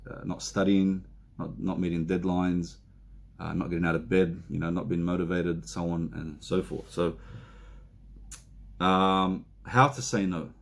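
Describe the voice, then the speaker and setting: Deep gravelly man giving counselling advice. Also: little pitch movement. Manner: unhurried, many fillers and restarts, acts out example speakers. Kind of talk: self-help talk to camera.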